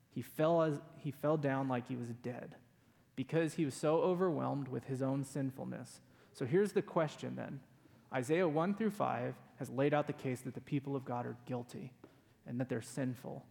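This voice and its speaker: A man's voice: medium pitch, a little slow, creaky, darkish tone, in a large hall. A man preaching a sermon in a conversational way, often tossing in "right?" as he explains Scripture. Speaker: pastor.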